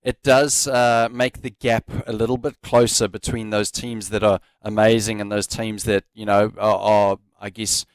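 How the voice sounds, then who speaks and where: A man co-hosting a casual sports chat, speaking in a relaxed way and thinking aloud with plenty of fillers. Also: on the low side, moderate pace, few pauses, clean tone, no echo. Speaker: co-host.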